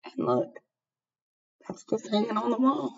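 A woman reading a picture book aloud to children in an animated way, inviting them to spot things, recorded on a laptop webcam. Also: fairly high pitch, measured pace, vocal fry, highs cut off, slight background noise. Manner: animated, asks the listener to find things. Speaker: storybook reader.

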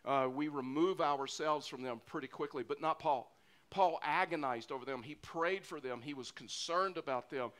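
A man's voice: a little high, normal speed, a bit bright. A middle-aged man preaching a sermon as pastor, earnest and often repeating phrases for emphasis. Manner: earnest, repeats phrases when stressing a point.

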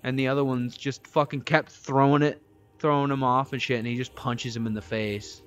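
A man's voice: medium pitch, flat delivery, normal speed, fairly bright tone, soft background music. Profane, jokey man commentating a game. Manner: crude, profane, jokey, talks back at the game. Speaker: gameplay streamer. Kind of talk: casual let's-play commentary.

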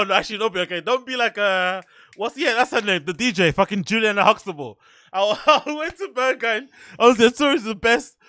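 High, bright-voiced man ranting casually. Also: no echo, clean studio sound. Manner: profane, animated, laughs often. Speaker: podcast host. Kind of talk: casual storytelling monologue.

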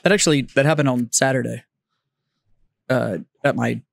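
A man co-hosting a podcast, telling a story in animated, swearing casual chat. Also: medium pitch, moderate pace, gravelly, no room sound, clean studio sound. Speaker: podcast co-host.

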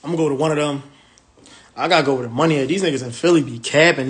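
A brash man rambles through a casual livestream on his phone. His talk is loose and profane, in a slightly high voice. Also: racing, a bit bright. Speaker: livestream host, rental car business owner.

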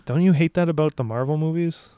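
A man's voice: on the high side, fast talker, dark tone, clean tone, no echo, studio quality. A man hosting a podcast, chatting casually about a film with easy laughs and short agreements. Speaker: podcast host.

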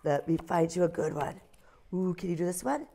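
A woman teacher leading a phonics lesson with young children and reading them a story in a slow, sing-song way. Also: on the low side, lively intonation, gravelly, warm tone, breathy edge. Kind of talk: phonics lesson and read-aloud.

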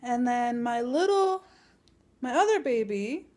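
A woman's voice: fairly high pitch, animated, unhurried, background noise. A young woman, a mother, talking casually to camera at home and soothing her toddler. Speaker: mother vlogging her kids. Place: home, indoors. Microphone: handheld camera.

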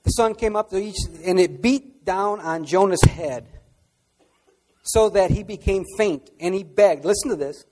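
A man preaching a sermon as pastor, swinging from quiet asides to loud, impassioned outbursts. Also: high-pitched, a little slow, in a large hall.

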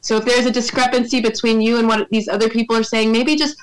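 A woman's voice: on the high side, flat delivery, fast, rough recording. A woman guest on a podcast, talking bluntly and emphatically with lots of swearing. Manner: blunt, profane, emphatic ranting. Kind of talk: casual podcast chat.

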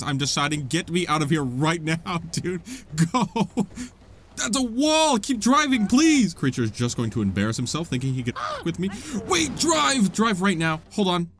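A man hosting let's play commentary, excitable and self-mocking, laughing often at his own mistakes. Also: a little high. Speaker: gaming channel host.

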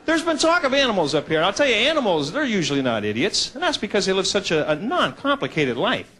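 Animated, self-mocking stand-up comedian man. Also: sits high, fast talker. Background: audience laughter.

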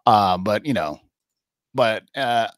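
A man's voice: lowish voice, expressive, slow, no echo, clean studio sound. A man co-hosting a comic-book podcast, talking in a loose, rambling way full of fillers and restarts. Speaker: podcast co-host. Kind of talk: casual chat.

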